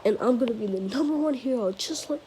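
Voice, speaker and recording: A brash, cocky teenage boy hero who brags and protests in a raised, strained voice, as a woman puts him on. He sounds higher and louder than the storyteller, with a mellow, soft-edged tone underneath. A low hiss sits faintly behind. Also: expressive, quick pace, lightly acted, low-quality recording. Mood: boastful. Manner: brash and boastful.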